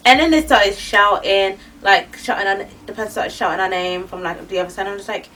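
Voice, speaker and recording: Animated woman ranting, bright voice. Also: mid-range voice, fast, hardly any pauses, distant mic, faint music behind, rough recording. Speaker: vlogger. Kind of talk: ranting vlog.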